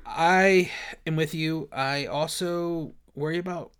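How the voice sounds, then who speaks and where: A man's voice: fairly high pitch, slow, fairly bright tone, smooth. A man co-hosting a podcast, chatting casually about sports, rambling, often laughing and restarting his sentences. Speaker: podcast co-host.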